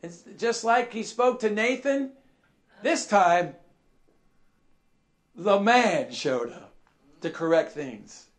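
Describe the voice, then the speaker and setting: High-voiced man preaching slowly. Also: lively intonation. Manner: emphatic, repeats key phrases, asks the congregation questions; swings between soft asides and loud shouted emphasis. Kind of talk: sermon.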